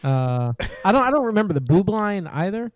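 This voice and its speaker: A man co-hosting a casual podcast chat, jokey and animated, tripping over his words when excited. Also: high-pitched, brisk, no echo. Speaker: podcast co-host.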